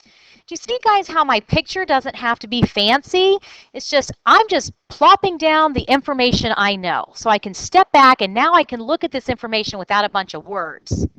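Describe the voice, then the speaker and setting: A woman teaches a recorded math lesson to children, walking through each step out loud in an upbeat way. Her voice sits fairly high and swings widely in pitch. It is smooth and clear, recorded dry and close. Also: very animated, normal speed, no room sound, poor audio. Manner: upbeat, thinks aloud step by step.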